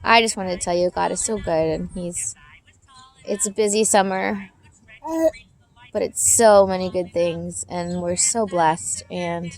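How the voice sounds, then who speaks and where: A woman's voice: lowish voice, fairly even intonation, a little slow, soft background music. A woman talking in a loose, rambling, heartfelt way, chatting casually in a vlog. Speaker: parent vlogger.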